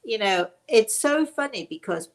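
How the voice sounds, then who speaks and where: A woman's voice: a little high, expressive, normal speed. Older lady hosting a webinar chat, rambly and laughing a lot, lots of restarts. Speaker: host. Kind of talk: casual chat to a webinar audience.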